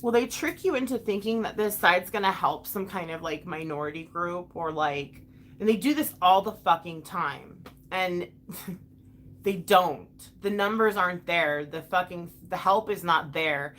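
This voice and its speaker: A woman's voice: lowish voice, a little slow, fairly bright tone, slight background noise. A woman ranting on a casual livestream vlog, heated and profane, with many fillers and restarts, talking straight back to her viewers. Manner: talks back to viewers directly. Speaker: livestream vlogger reading chat.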